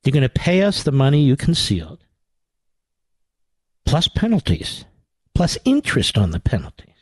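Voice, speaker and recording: A man's voice: mid-range voice, wildly swooping pitch, normal speed, slightly rough, no room sound. A man doing a cold, condescending tax official. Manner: bureaucratic, clipped, condescending.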